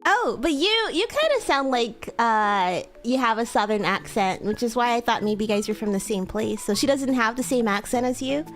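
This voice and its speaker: A woman's voice: on the high side, moderate pace, few pauses, faint music behind. A woman streamer improvising a role-play with a chatbot, hesitant and giggly, with many fillers.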